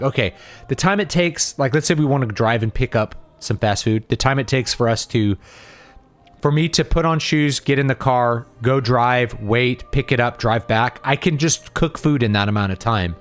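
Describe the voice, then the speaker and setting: Rambling man chatting on a gaming stream. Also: mid-range voice. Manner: rambling, thinks aloud, trails off often. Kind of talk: casual gaming livestream chat.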